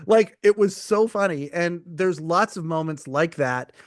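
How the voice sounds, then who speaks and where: A man's voice: a little high, unhurried, dry recording, studio quality. A middle-aged man, hosting a podcast in casual chat, joking and candid, laughing often. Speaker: podcast host.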